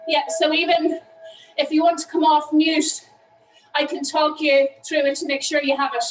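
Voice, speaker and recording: A woman's voice: sits high, flat delivery, moderate pace, recorded from a distance, faint music behind. An Irish woman leading an online indoor cycling class, talking while eating and apologizing for it. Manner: talking with food in her mouth, apologetic. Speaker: cycling coach. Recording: echoey room, away from the mic.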